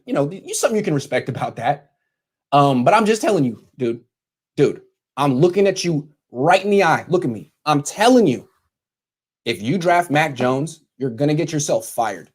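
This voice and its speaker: A man's voice: on the high side, sing-song, normal speed, slightly rough. A man ranting sarcastically straight at the camera in a vlog from his bedroom, mocking and scolding as he talks. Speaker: sports commentator.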